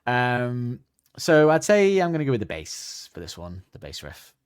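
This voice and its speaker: A man's voice: mid-range voice, huge pitch swings, moderate pace, clear, resonant tone. A man hosting a podcast, chatting casually and rambling with lots of fillers. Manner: rambling, hesitant, many fillers. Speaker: podcast host. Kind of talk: casual chat.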